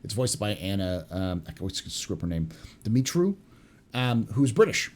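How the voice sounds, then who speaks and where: A man hosting a casual podcast panel who reads out listener questions. He explains his points in a measured, conversational way. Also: lowish voice, big pitch swings, a little mellow. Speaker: podcast host.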